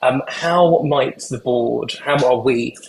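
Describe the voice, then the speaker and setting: A man's voice: mid-range voice, slow pace, vocal fry, slight background noise. Hesitant man on a roomy video call. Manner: hesitant, lots of ums. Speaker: deputy asking a question. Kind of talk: meeting floor question.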